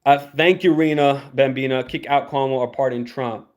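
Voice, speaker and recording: A man's voice: medium pitch, fairly even intonation, normal speed. A young man giving casual livestream commentary, rambling, repeating words and swearing freely. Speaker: YouTube commentator.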